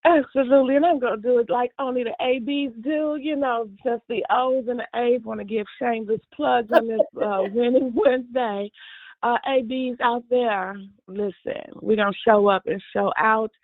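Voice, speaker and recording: A woman's voice: a little high, moderate pace, no room sound, narrow, tinny audio. A woman co-hosting a casual talk show, enthusiastically giving a promotional plug. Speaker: co-host.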